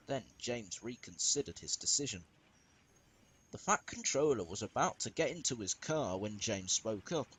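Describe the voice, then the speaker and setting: A man narrating a fan-made storybook tale in a lively, expressive way. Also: fairly low pitch, moderate pace, over music, poor audio.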